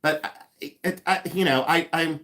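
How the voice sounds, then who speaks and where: A man's voice: fairly high pitch, moderate pace, sharp tone. Chatty man hosting a live stream. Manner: chatty, rambling, laughs often; sarcastic humor. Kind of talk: casual live-stream chat.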